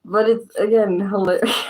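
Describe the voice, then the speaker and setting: A woman's voice: mid-range voice, a little mellow, low-quality recording. A young woman from southern Morocco with a Moroccan accent, chatting casually in a vlog and laughing often. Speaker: vlogger. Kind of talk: casual chat.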